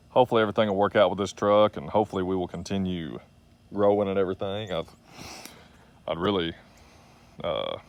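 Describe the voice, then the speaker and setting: A middle-aged man, rambling in a casual, folksy, self-deprecating way as he catches viewers up on his trucking business outdoors. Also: low-pitched. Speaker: trucking business owner vlogger.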